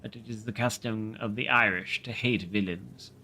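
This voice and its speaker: A man voicing a gruff, hostile Irish villager with a hoarse voice in a storybook reading. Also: fairly low pitch, fairly even intonation, moderate pace, pushed and bright, a little hiss or hum. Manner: curt and hostile.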